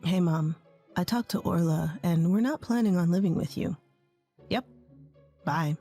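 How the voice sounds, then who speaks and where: A woman's voice: on the low side, measured pace, warm tone, faint music behind. A woman voicing a young husband who speaks plainly and briefly. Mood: matter-of-fact. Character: calm young husband backing his wife.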